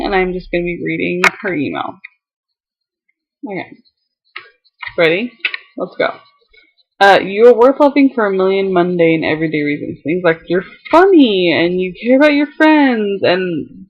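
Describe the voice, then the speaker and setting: A woman's voice: mid-range voice, animated, moderate pace, dull audio. Emotional young woman reading a letter aloud. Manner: emotional, fighting tears, laughing between lines. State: tearful. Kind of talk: casual vlog, reading an email aloud.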